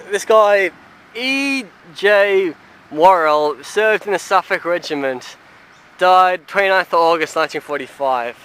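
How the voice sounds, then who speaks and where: A man gives a walking-tour commentary outdoors at a cemetery. He talks very slowly in a fairly high, crisp voice, pausing and filling gaps as he reads one inscription after another. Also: a bit bright. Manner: reads out grave inscriptions haltingly, with many pauses and fillers. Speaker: travel vlogger.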